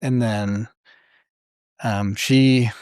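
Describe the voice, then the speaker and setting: Animated man telling a story, dry sound. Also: mid-range voice, extremely slow, clear, resonant tone, dry recording. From Idaho, USA. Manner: animated, acts out quoted voices, many fillers. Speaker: podcast guest. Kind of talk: casual storytelling.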